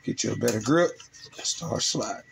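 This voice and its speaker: This fishing show host stands in his home kitchen, steadily instructing viewers step by step on filleting a fish for a cooking demonstration. His voice is lowish and creaky at a normal speed. The recording is rough with slight background noise.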